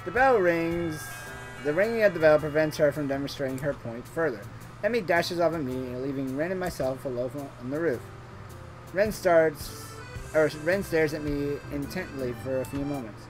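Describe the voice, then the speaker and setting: A man's voice: fairly high pitch, normal speed, soft background music. A man hosting a gaming video, reading a visual novel aloud in a playful, jokey way and laughing often. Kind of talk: playful read-along of game text.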